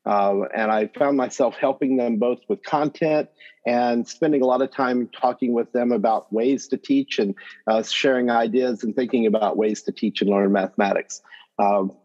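A man with a North Carolina accent talks as a podcast guest, relaxed and chatty. His pitch is middling for a man, and the recording sounds a little dull. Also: moderate pace. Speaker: guest, math education professor. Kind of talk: podcast interview.

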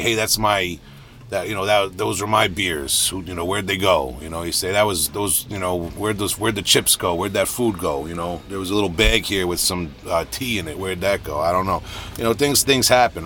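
A middle-aged man with a deep, booming voice, telling a rambling, self-deprecating story in a casual podcast monologue. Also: a bit bright, slight background noise. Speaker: podcast host.

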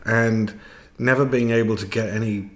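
A man, a podcast guest, telling anecdotes in animated fashion and laughing mid-sentence. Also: fairly low pitch, moderate pace. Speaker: podcast guest, political campaigner. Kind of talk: casual interview anecdotes.

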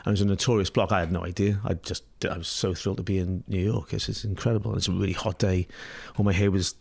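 Scottish man, middle-aged, low voice, rambling and laughing, interview guest. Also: fairly even intonation, fast, vocal fry, husky. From Scotland. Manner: rambling, laughs often, many restarts and fillers. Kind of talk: casual storytelling.

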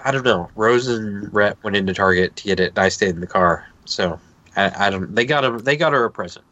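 Podcast co-host, male, 30s, low-ish voice, loose rambling storyteller. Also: a little fast, no echo, highs cut off. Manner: rambling, animated anecdote with laughs and quoted voices. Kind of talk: casual storytelling chat.

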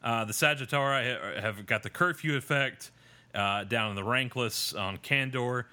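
Bright-voiced rambling podcast host man. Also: mid-range voice, moderate pace. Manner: rambling, self-deprecating, with many fillers and restarts. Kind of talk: casual episode recap chat.

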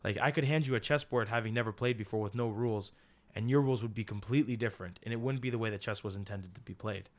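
A man's voice: fairly low pitch, fast talker. A young man co-hosting a casual faith podcast, explaining at length in an earnest, rambling way with many fillers. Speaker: podcast co-host and teacher.

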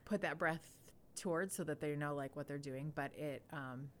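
A woman in her thirties co-hosts a casual podcast chat. She explains things in a gentle, thoughtful way, and her voice sits quite low. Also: moderate pace. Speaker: podcast co-host.

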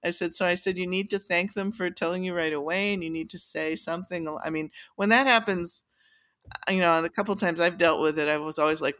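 A woman's voice: lowish voice, fast, a bit bright. A woman who makes violins, telling a workshop story in casual chat, with lots of fillers and restarts. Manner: chatty, many fillers and restarts, laughs often. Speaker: violin maker, podcast guest.

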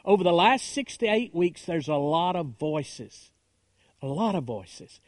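A man preaching a sermon as a pastor, building on repeated phrases and rhetorical questions, moving between hushed lines and raised, emphatic calls. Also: on the high side, very animated, measured pace, dry recording, clean studio sound. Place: church.

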